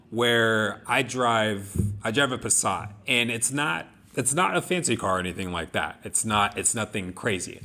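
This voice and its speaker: Bright-voiced man talking earnestly. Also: on the low side. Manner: earnest, reflective storytelling with many restarts. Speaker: podcast co-host. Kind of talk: casual discussion of song lyrics.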